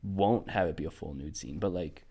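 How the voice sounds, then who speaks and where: Here a young Kentucky man in his twenties, with a low, dark-toned voice and a Southern twang, talks at a moderate pace. He's co-hosting a podcast, joking around casually and using plenty of filler words.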